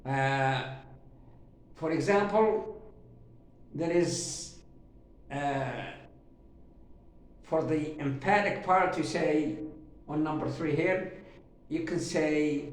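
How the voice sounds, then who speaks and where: An English teacher with a voice on the high side gives a grammar lesson in a very echoey room. He speaks haltingly, using many fillers and repeating himself, and draws out his example sentences slowly.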